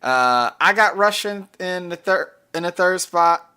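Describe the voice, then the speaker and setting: A man's voice: high-pitched, lively intonation, unhurried, sharp tone, clear, resonant tone. Rambling male podcast co-host. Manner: rambling, self-correcting, frequent fillers. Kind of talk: casual chat about soccer picks.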